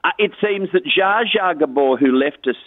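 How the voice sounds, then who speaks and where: A man's voice: on the high side, expressive, normal speed, no room sound. A man giving a chatty, gossipy entertainment report on a radio show, chuckling as he goes. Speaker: entertainment news contributor. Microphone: phone line. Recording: tinny phone line on radio.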